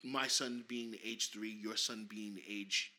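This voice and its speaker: A man in his thirties co-hosting a casual podcast, animated and teasing, laughing often. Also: on the low side, slow pace. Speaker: podcast co-host, father.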